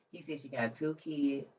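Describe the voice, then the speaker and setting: Woman, livestream host, storytelling, lowish voice, set back from the mic. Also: unhurried, distant mic. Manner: animated, laughing often, swings from soft to loud.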